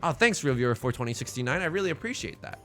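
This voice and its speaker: A man chatting casually on a live stream, rambling from joke to joke. His voice is bright and a little high, and it swings widely in pitch. Faint music plays underneath. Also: rapid-fire. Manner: rambling, jokey, animated asides. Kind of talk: casual stream chat while playing mahjong.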